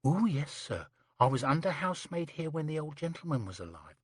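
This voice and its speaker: A man's voice: a little high, sing-song, brisk, slightly rough, no echo, clean studio sound. A man voicing a chatty, prim young housemaid who rattles on breathlessly, saying "sir" constantly. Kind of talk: audiobook character reading.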